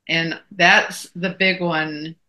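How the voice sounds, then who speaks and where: Bright-voiced folksy woman chatting. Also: lowish voice, little pitch movement, extremely slow. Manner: folksy storytelling. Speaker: co-host. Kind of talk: casual chat.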